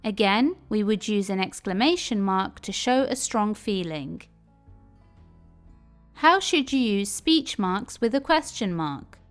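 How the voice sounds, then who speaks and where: A woman giving a scripted English lesson, explaining each point clearly and carefully. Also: mid-range voice, lively intonation, slow pace, faint music behind. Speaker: English teacher.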